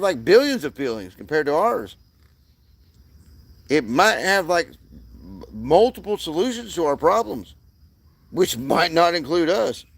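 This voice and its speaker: A man's voice: fairly high pitch, no room sound. A man delivering a rambling, profane monologue as the channel's host, often restarting his sentences.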